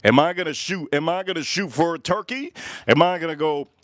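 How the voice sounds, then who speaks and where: A man's voice: a little high, brisk, no room sound, clean studio sound. Rambling American man hosting a live stream. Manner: rambling, repeats himself, many fillers. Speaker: livestream host. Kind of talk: casual live stream chat. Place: outdoors at a backyard grill.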